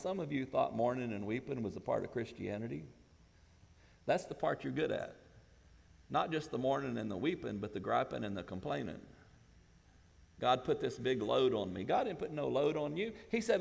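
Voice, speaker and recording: A male pastor, possibly, preaching a sermon that builds to shouted emphasis. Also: on the high side, creaky. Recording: church hall with long reverb.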